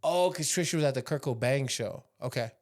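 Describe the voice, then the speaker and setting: A man hosting a podcast in casual chat, joking and teasing, quick to laugh. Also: medium pitch. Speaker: podcast host.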